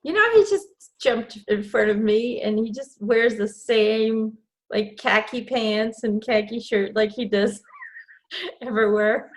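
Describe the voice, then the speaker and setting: A woman channeler relaying messages in casual conversation, often pausing on fillers and laughing lightly. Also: on the high side. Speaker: spiritual channeler.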